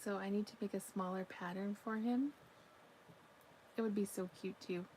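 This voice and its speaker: On a crafting live stream at home, a crochet crafter chats casually, reading viewer comments aloud, yawning now and then, and talking to her pet in between. Her medium-pitched voice is steady, a little mellow, and at normal speed. The low-quality recording carries a slight hiss or hum.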